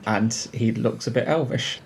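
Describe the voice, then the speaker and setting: A man's voice: mid-range voice, normal speed, vocal fry. A man co-hosting a podcast, chatting casually about a book and tripping over odd names. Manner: relaxed, agreeable, stumbles over names. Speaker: podcast co-host.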